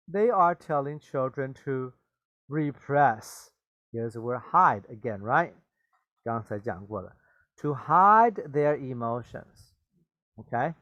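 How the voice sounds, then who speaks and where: The recording is dry and lo-fi, capturing a man with a fairly high, fairly bright voice. Teaching English vocabulary bilingually, he repeats and explains words, slips into glosses, and keeps asking "okay?" and "right?".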